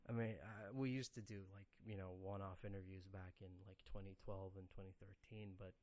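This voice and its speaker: Low-voiced man hosting a podcast. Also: little pitch movement, brisk, a little mellow, no room sound. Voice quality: rambling, self-interrupting. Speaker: podcast host. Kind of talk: casual podcast chat. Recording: slightly dull lo-fi sound.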